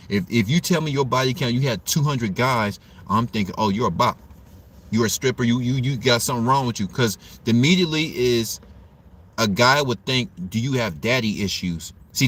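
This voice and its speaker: A man's voice: mid-range voice, fairly bright tone. A man hosting a livestream, ranting bluntly and lecturing with rhetorical questions. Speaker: livestream host. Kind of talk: opinionated livestream rant.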